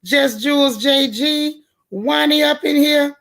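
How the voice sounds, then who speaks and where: A woman's voice: high-pitched, takes it slowly, fairly bright tone. A woman hosting a live gossip show, chatting casually and greeting viewers one by one in a folksy way. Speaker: livestream gossip show host.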